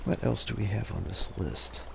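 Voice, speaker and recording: A man's voice: fairly low pitch, normal speed, vocal fry, pushed and bright, a little hiss or hum. A man giving casual gameplay commentary for his channel, rambling and profane, often chuckling. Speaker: gaming channel host.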